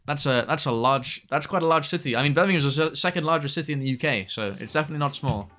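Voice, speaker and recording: Bright-voiced young streamer. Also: male voice, a little high, racing. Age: young adult. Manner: chatty, swears at the game. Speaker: streamer reading chat. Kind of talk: casual game-stream chat.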